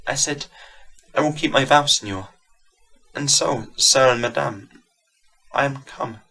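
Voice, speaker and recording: A man voicing a small, lonely young woman organist with a soft put-on Italian accent, in a vintage horror storybook reading. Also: medium pitch, a little slow, vocal fry, pitched above the performer's own voice, heavily acted, poor audio. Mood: soft wistful.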